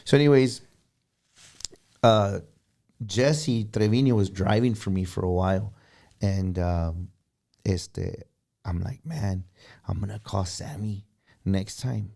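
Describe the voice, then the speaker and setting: A man, a guest musician, telling stories in a relaxed chat and dropping Spanish phrases in as he goes. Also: lowish voice, slow, creaky, pauses often. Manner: animated, drops Spanish phrases. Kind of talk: casual storytelling chat.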